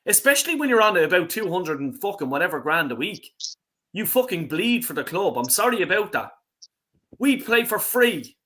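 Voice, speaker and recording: A man's voice: high-pitched, sing-song, normal speed, sharp tone. A man hosting a fan panel stream, talking heatedly and swearing, with frequent fillers. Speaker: host.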